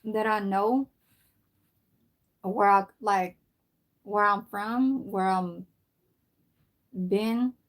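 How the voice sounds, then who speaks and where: A woman's voice: mid-range voice, fairly even intonation, drawn-out words, long pauses. Woman ranting casually on a live stream. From San Francisco, USA. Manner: swears freely, rambling storytelling. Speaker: livestream host. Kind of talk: casual livestream chat.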